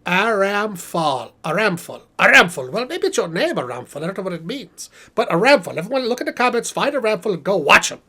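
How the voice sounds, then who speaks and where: Here the puppet professor comes through in a high, exaggerated voice, fairly quick with hardly any pauses. The man behind this self-important, theatrical live stream Q&A host is chatty and rambling, animated yet exhausted and out of breath.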